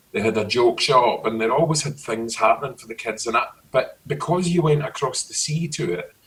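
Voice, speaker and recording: A middle-aged Scottish man chatting casually, telling lively stories about his childhood. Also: medium pitch, recorded from a distance, rough recording. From Scotland. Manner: storytelling, animated. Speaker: guest. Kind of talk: casual chat.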